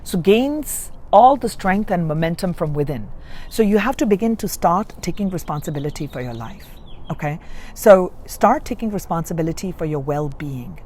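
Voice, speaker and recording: A woman's voice: lowish voice, lively intonation, moderate pace, darkish tone. A woman giving a spiritual reading, coaching listeners earnestly and repeating key points. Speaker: spiritual reader. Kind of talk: guided self-help reading.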